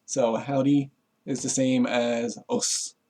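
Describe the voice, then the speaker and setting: A man's voice: medium pitch, level tone, takes it slowly, heavy background noise. A man giving a rambling, casual explanation to camera, full of fillers and swearing, chuckling as he goes. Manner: rambling, profane, chuckles often, lots of fillers. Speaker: vlogger.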